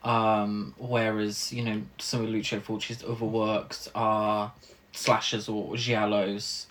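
A man co-hosting a film podcast, talking casually with frequent pauses and ums. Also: lowish voice, monotone, fairly bright tone. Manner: hesitant, many ums. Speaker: podcast co-host.

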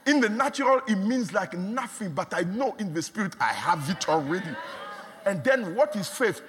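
A man delivers a sermon in a high, lively voice that climbs and dips all over. He repeats words for emphasis and swings between quiet asides and shouts. His voice rings out with a long echo, as in a large hall. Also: normal speed. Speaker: preacher.

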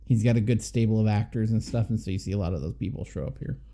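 Man, podcast co-host, very dark warm voice, steady synopsis reading, agreeable. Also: lowish voice, quick pace, creaky. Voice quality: very dark, mellow voice. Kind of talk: casual movie review chat, reading a synopsis.

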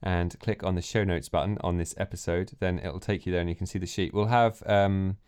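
Low smooth guy teasing his cohost on a gaming podcast, casual. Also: steady tone, brisk, darkish tone. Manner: upbeat, teasing banter. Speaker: podcast co-host and player. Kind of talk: casual chat about a tabletop game.

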